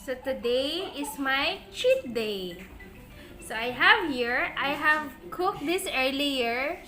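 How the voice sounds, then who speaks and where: A woman talks to her viewers in an unhurried, plain way while she eats, her voice high and bright. The room at home is echoey. Faint noise, dishes and cutlery clink behind her. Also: animated, soft background music. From Philippines. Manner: chatty, simple plain-spoken phrasing. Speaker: family vlogger. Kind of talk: casual mukbang vlog talk. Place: noisy family home. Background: cutlery and dish clatter.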